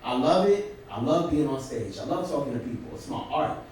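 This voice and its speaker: A man's voice: medium pitch, fairly quick, far from the mic, a little hiss or hum. Man, young adult, from Brooklyn, comedic storytelling, laughs as he talks, very echoey room, faint ambience. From Brooklyn, New York. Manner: animated, laughs through his telling. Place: theater stage before a live audience. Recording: very echoey theater, from off mic.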